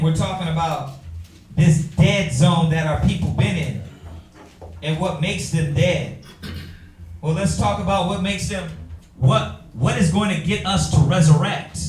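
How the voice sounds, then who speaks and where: A man's voice: high-pitched, a little mellow. A man teaching a Bible class in a preaching style, firing rhetorical questions at his listeners and calling on readers. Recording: echoey room from far off.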